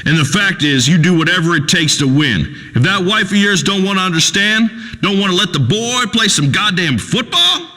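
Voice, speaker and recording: A man's voice: sits high, big pitch swings, normal speed, few pauses, bright, forceful tone, big-room sound, exaggerated voice. An actor playing a crude, preachy rural male talk radio host who rambles and pontificates in a folksy way. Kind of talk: radio call-in show acting.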